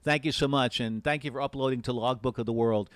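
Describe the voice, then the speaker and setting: A man's voice: medium pitch, steady tone, fast, clean tone, no room sound. A man hosting a live-streamed amateur radio event from his desk mic, talking in an earnest, rambling way with many repeated words. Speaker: amateur radio special event station host. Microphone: desk mic with push to talk.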